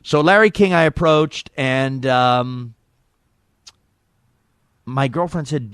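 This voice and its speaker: A man telling a long story on a podcast, animated and acting out the people he quotes. His voice is mid-pitched and recorded dry and close, with no room sound. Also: unhurried, no room sound. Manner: animated anecdote teller, acts out quotes. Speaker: radio host and impressionist. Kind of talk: casual storytelling chat.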